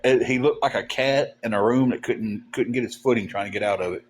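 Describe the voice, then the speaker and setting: A man hosting a livestream, telling stories in a rambling, halting way with lots of fillers. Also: mid-range voice. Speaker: livestream host. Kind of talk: casual storytelling chat.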